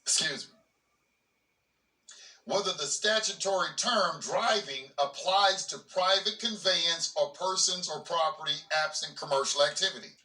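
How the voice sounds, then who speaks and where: Reading a legal memo with casual asides in plain language, a legal commentary host often restarts and repeats himself. His voice is fairly high, very bright and sharp, and unhurried. The recording is roomy and echoey, with him heard from a distance.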